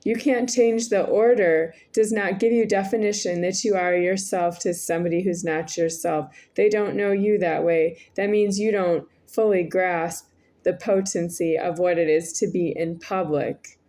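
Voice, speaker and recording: A woman's voice: on the low side, steady tone, unhurried, warm tone. A woman in her forties speaking in a rambling, repetitive monologue to the camera, with frequent hesitations. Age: 40s. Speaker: vlogger.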